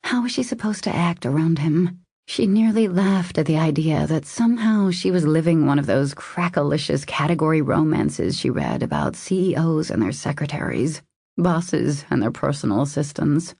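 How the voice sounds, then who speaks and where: Low, gravelly woman narrating. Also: lively intonation, normal speed, warm tone, no room sound, studio quality. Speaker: audiobook narrator. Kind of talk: scripted romance narration.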